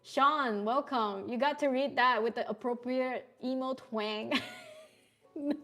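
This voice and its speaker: A woman's voice: on the high side, steady tone, unhurried, a bit bright. A young woman streaming from home, chatting casually with viewers as she draws, often laughing and swearing. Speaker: artist streamer. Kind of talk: casual live-stream chat while drawing.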